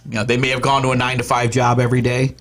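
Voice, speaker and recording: A man's voice: mid-range voice, completely flat delivery, racing, a bit bright. A man hosting a podcast in casual chat, joking and teasing. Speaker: podcast host.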